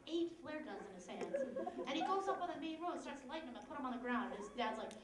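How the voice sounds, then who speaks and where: Young female stand-up comic, high, sarcastic and animated, distant roomy mic with a loud audience. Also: fast, crowd noise. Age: young adult. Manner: animated, sarcastic, laughs often. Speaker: stand-up comedian. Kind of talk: stand-up storytelling. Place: live comedy stage.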